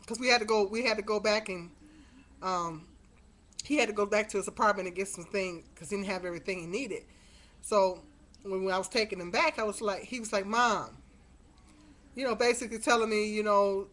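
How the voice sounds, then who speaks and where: A middle-aged woman, a vlogger, tells her webcam a rambling, exasperated story full of fillers. Her voice is medium-pitched and fairly bright, recorded through the webcam mic in a casual monologue.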